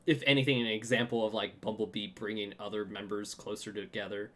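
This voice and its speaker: A man's voice: on the low side, little pitch movement, a little fast. A man hosting a podcast in casual chat, telling stories and laughing often. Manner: chatty storyteller, laughs often. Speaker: podcast host.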